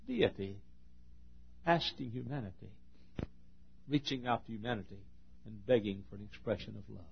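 A middle-aged man preaching a sermon, his voice dropping to a hush and then rising to loud, shouted exhortation. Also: on the low side, moderate pace, gravelly, pauses often, slightly rough, highs cut off.

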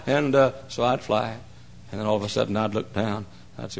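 A male pastor preaching a folksy, emphatic sermon that swings into loud cries. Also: fairly low pitch, steady tone, a little fast, vocal fry.

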